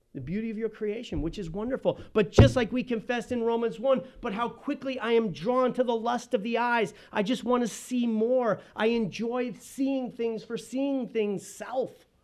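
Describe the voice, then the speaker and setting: High-voiced man preaching with fervor. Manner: impassioned preaching with sudden loud and slow emphatic phrases. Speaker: pastor. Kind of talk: sermon.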